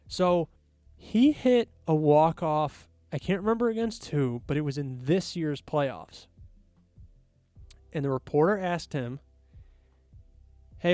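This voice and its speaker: A man's voice: fairly high pitch, no echo. Exasperated ranting man, dry mic. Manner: animated, exasperated ranting with mocking asides. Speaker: podcast host. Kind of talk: solo sports rant podcast.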